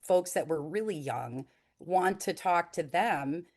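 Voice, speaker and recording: A woman in her forties telling a story in a casual, animated way, with many fillers. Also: on the low side, slow. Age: 40s. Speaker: nonprofit founder.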